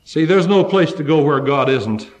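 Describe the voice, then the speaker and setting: Male preacher with a fairly high voice, fervent sermon delivery that rises to cries and drops to hushed tones. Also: animated, normal speed, lo-fi sound. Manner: fervent preaching that swings from loud cries to low, hushed passages.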